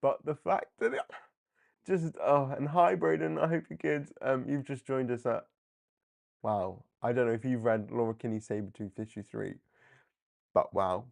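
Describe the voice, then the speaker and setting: Man, live comic commentary, animated, laughing, average pitch. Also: creaky. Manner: animated, laughing, acts out characters in quick asides. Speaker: comic book livestream host.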